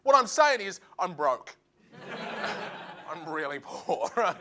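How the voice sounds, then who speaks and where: A man doing a stand-up routine, animated and acting out voices in quick asides. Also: high voice, a little hiss or hum. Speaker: stand-up comedian.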